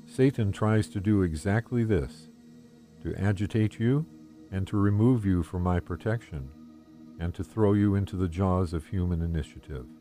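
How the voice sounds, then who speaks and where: A man reading a devotional text aloud in the first person, in a calm, gentle and measured way. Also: sits low, faint music behind. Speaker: devotional reader.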